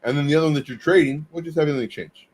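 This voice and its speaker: A man's voice: fairly high pitch, racing, darkish tone, breathy edge. A man co-hosting a casual livestream chat, blunt and teasing, often restarting his sentences.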